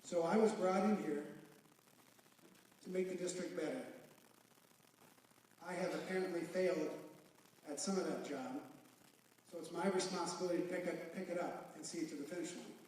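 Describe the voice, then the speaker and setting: An earnest man pours feeling into his words at a public forum, his voice pitched high. He is recorded from a distance in a big auditorium, with heavy echo and a faint hiss behind him. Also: normal speed, long pauses, darkish tone. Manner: emotional and earnest. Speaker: school board member. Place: large school auditorium. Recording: echoey hall from far off.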